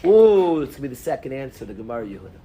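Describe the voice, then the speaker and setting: A man leads a lively Talmud class in a synagogue, quizzing students by name and weaving in Hebrew and Yiddish terms. His voice is medium-pitched and very fast, with a little hiss or hum in the recording.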